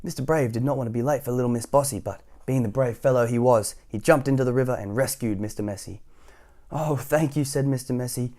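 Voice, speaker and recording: A man reading a children's picture book aloud at a middle pitch. He keeps it lively, dropping into chatty asides between pages. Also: fast talker, few pauses. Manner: lively storyteller with casual asides to kids. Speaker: storytime host.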